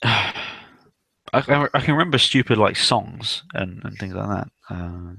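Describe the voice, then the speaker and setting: A low-pitched man with a gravelly edge hosts a loose online chat. He rambles from thought to thought, laughs easily and swears without care. His voice sits close and dry. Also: animated, unhurried, sharp tone, dry recording. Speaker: hangout host. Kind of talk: casual chat.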